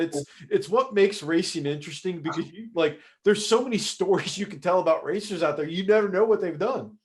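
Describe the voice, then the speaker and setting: A man hosting a podcast, asking questions and joking in casual interview chat. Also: on the high side. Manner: friendly, joking, quick asides. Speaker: podcast host.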